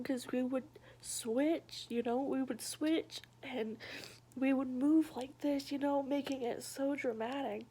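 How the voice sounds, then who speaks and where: A young woman whispering a personal story in a soft, halting, intimate hush. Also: sits high. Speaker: vlogger sharing her past.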